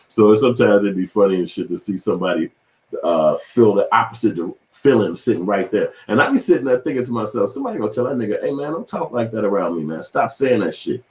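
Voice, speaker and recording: A man hosting his own channel, talking in a profane, animated commentary monologue and slipping into quoted voices as he tells stories. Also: on the low side, fast talker, roomy sound, rough recording. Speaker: channel host.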